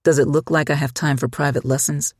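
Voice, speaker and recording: A reader doing a blunt young cop, husky and curt, worn down and short with people, read close on a dry mic. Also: mid-range voice, steady tone, fairly quick, no room sound, natural voice. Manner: blunt, gruff questions. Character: young male town cop, tired and curt.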